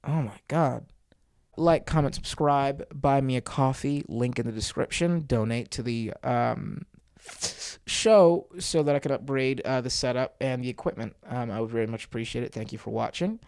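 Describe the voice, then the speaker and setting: A man's voice: medium pitch, normal speed, vocal fry, darkish tone, clear, resonant tone, no echo. Blunt, dry-sounding male commentator. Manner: blunt, profane, sarcastic. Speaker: host. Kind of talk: commentary on a video clip.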